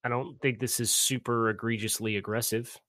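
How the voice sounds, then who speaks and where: A man's voice: mid-range voice, steady tone, brisk, fairly bright tone, no echo, studio quality. A man with a Philadelphia accent co-hosting a sports podcast, chatting casually and playfully about football. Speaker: podcast co-host, football analyst.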